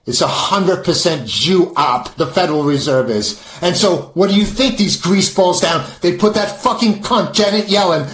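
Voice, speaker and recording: A man with a high voice rants aggressively, swearing and now and then breaking into shouts. His voice rings with a roomy echo. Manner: aggressive, profane, at times shouting. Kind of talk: ranting monologue.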